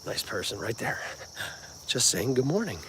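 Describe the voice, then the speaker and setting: A man's voice: medium pitch, big pitch swings, normal speed, noisy background. Earnest New Jersey man talking outdoors. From New Jersey, United States. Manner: rambling, earnest, conversational. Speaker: music channel host. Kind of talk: live-streamed motivational talk.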